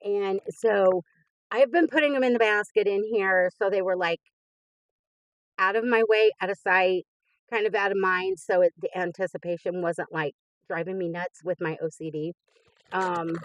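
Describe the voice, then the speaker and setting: A woman hosting a craft channel, chatting casually as she unboxes mail, gushing and laughing softly. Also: medium pitch, no room sound, lo-fi sound.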